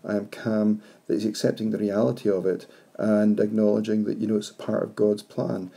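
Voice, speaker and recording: A man's voice: fairly low pitch, little pitch movement, brisk, gravelly, mellow. A man, teaching poetry analysis to his class, reflective and posing questions to his students.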